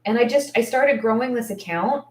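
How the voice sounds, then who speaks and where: A woman's voice: on the high side, moderate pace. A woman in her thirties, an esthetician coaching others, talking casually and candidly, thinking aloud with lots of fillers. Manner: candid and heartfelt. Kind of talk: casual Q&A talk. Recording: echoey room, distant mic.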